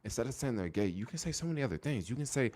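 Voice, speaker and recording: A man's voice: medium pitch, very animated, darkish tone. A man hosting a casual livestream, chatting with viewers and repeating phrases for emphasis. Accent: American. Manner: repetitive, restarting phrases, drawn-out emphasis. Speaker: livestream host.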